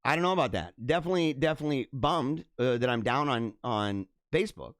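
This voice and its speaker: A man's voice: mid-range voice, expressive, fast talker, dry recording, clean studio sound. A man hosting a casual livestream, rambling and laughing as he reads comments and mimics voices. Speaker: livestream host.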